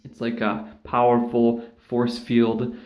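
A man's voice: medium pitch, completely flat delivery, takes it slowly, a little mellow. Rambling, profane man in an echoey room. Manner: rambling, profane, sarcastic, with mocking put-on voices. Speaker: vlogger. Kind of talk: casual ranting monologue.

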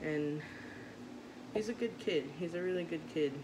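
A woman's voice: on the low side, moderate pace. A woman in her thirties, a mother vlogging, talking in a rambling, heartfelt way with many restarts. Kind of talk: casual chat to camera. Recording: noisy background.

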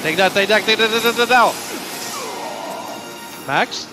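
A man playing a video game, bantering casually, reacting loudly to the action and laughing a lot. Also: high-pitched, moderate pace. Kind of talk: casual let's-play banter. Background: game music.

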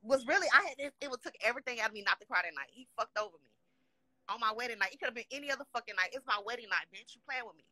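A woman's voice: a little high, animated, very fast, pushed and bright, no echo. A woman from Dallas, Texas, ranting angrily and swearing constantly on a live show, upset and heated, often saying "you know what I'm saying.". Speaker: guest complaining on a live show. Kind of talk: angry rant.

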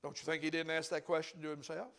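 A man's voice: a little high, little pitch movement, fast talker, vocal fry, a bit bright, clear, resonant tone. An older man preaching a sermon in a church, telling stories in a folksy, conversational way.

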